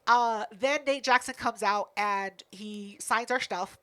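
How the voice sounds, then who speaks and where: A woman co-hosting a podcast, telling a story in a brash, profane, animated way. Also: medium pitch, slow. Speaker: podcast co-host. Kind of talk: casual storytelling chat.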